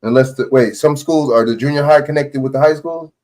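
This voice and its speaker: Brief: man hosting a casual reaction stream, mid-pitched, loose and profane, thinking out loud. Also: brisk. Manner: rambling, profane, questioning. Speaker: live stream host.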